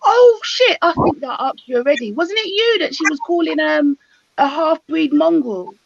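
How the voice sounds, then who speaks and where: High, gravelly-voiced woman. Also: lively intonation, normal speed, muffled recording, a little hiss or hum. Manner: chatty, reacting with laughs and exclamations. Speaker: live stream panelist. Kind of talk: heated live stream discussion.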